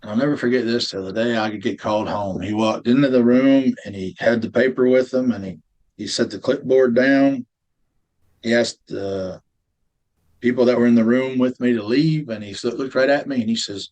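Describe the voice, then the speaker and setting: A middle-aged man bluntly telling his life story as an interview guest, often dropping to a low, intense murmur. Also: moderate pace, darkish tone. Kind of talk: emotional personal storytelling.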